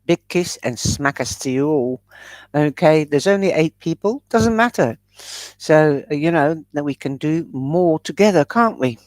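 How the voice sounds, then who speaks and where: A woman's voice: low-pitched, animated, measured pace, a little mellow, no room sound. A woman giving a chatty live-stream tarot reading, calling viewers by pet names. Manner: chatty, showers viewers with endearments. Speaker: tarot reader.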